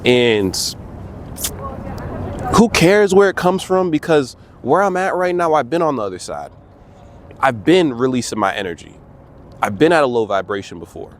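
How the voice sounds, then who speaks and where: A man's voice: medium pitch, lively intonation, normal speed, pauses often, a little hiss or hum. A young man talking straight to his viewers in a casual, earnest way, often calling them "bro". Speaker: vlogger. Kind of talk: casual motivational talk to camera.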